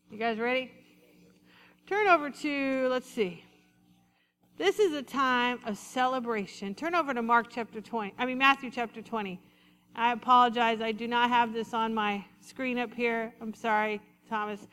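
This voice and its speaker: A woman pastor preaching a sermon, leading the congregation in call-and-response and slowing down for emphasis. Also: fairly high pitch, a bit bright, slight background noise. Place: church sanctuary. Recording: reverberant hall.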